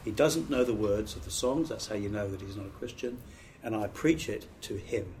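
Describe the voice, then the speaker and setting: A man's voice: on the low side, moderate pace, darkish tone, a little hiss or hum. A middle-aged British man, a pastor, giving a training talk on preaching in an earnest, emphatic, conversational way with restarts. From Britain.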